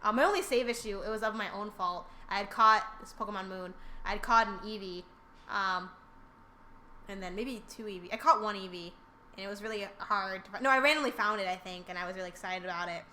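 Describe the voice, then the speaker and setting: Quick, bright woman chatting casually. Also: mid-range voice, slight background noise. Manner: chatty, rambling with many fillers and restarts. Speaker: podcast co-host. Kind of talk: casual chat.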